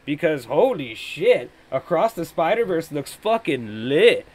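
Excitable, foul-mouthed man hosting a podcast. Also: on the high side, unhurried. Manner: excitable, swears constantly, thinks out loud. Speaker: podcast host. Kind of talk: casual trailer reaction commentary.

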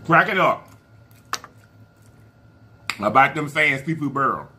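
A man's voice: medium pitch, animated, slow, bright, forceful tone, slight background noise. A man talking casually to his viewers while eating a seafood meal, chatty and murmuring between bites. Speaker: mukbang vlogger.

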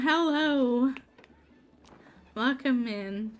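Lively, slow-talking woman streamer chatting. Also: a little high. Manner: chatty, laughs often, talks to chat by name. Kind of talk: casual live-stream chat while gaming.

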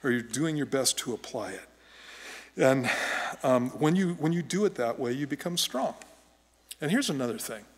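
A man's voice: mid-range voice, lively intonation, normal speed, husky. A middle-aged man preaching a sermon as pastor, conversational and joking, often restarting his sentences. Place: church sanctuary. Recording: long church hall reverb.

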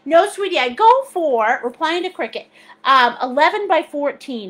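A middle-aged woman hosts a live painting class on a stream, reading viewers' comments aloud and calling them sweetie and honey. Her high voice is bright, forceful, and animated at a moderate pace, and she's bubbly, laughing often.

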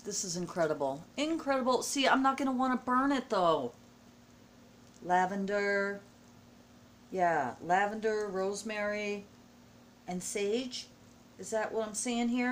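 Slight background noise surrounds a middle-aged American woman unboxing a package at home for her vlog. With a lowish voice, she lets out gushing, emotional exclamations in a casual style.

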